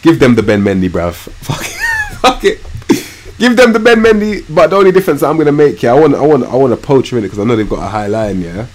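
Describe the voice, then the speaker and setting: A young man talks over a football management game he is streaming live. His pitch leaps around as he drops into grumbling mutters, then bursts out loud and swears. The voice sits in a middle register. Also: racing, slight background noise. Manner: excitable, swings from low muttering to loud yelling, swears a lot.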